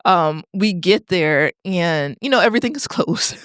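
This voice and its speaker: A woman from Detroit, a podcast guest, telling a family story in an animated, chatty way with frequent laughs. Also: fairly low pitch, measured pace, no room sound, studio quality. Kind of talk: conversational storytelling. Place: podcast studio.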